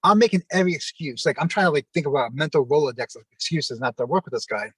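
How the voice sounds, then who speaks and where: A former wrestler as an interview guest, telling long rambling anecdotes with lots of fillers and acted-out quotes. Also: male voice, fairly high pitch, fast, fairly bright tone, breathy edge, no room sound, rough recording. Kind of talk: casual storytelling.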